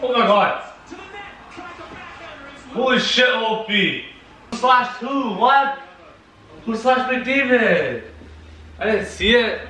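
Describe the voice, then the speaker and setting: Shouting, hyped hockey fan man. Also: very high voice, lively intonation, takes it slowly, long pauses, reverberant. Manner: shouting, swearing, hyped cheering. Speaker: hockey fan reacting to a game. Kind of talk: excited live game reaction.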